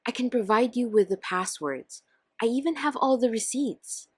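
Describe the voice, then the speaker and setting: A woman's voice: fairly high pitch, normal speed, a little mellow, breathy edge, no echo, clean studio sound. A woman voicing a remorseful wife in a scripted text-story reading, pleading and apologetic.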